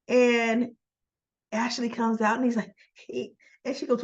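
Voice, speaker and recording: A woman's voice: fairly high pitch, little pitch movement, unhurried, highs cut off. A woman chatting casually as she recaps a soap opera episode, acting out the characters' lines in a livelier voice.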